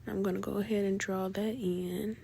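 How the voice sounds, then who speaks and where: A woman casually narrating a makeup tutorial in a relaxed, chatty way, often pausing on "um" and correcting herself. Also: mid-range voice, vocal fry, husky. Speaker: beauty vlogger.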